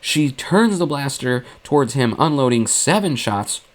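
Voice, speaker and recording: A man narrating a fan what-if story in a plain, matter-of-fact deadpan. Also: medium pitch, unhurried.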